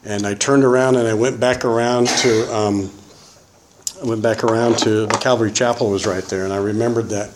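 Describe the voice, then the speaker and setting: A man's voice: lowish voice, fairly even intonation, fairly quick, reverberant, background noise. A man sharing his recovery testimony in a rambling, casual way, full of "man" and "you know". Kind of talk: personal testimony.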